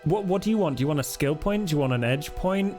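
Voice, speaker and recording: A man wrapping up a tabletop game as game master, relaxed and wry. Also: on the high side, fast talker, soft background music. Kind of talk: post-game chat.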